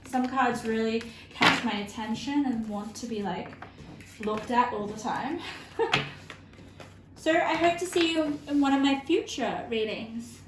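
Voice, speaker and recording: A woman reading tarot cards for her viewers in a fairly high voice, earnest and openly emotional. She talks haltingly, full of fillers and restarts. The sound is roomy, with a faint hiss behind her. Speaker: tarot reader.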